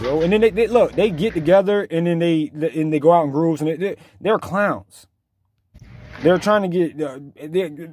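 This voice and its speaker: A man's voice: on the high side, darkish tone, a little hiss or hum. A man giving blunt, slangy, mocking reaction commentary over a video clip.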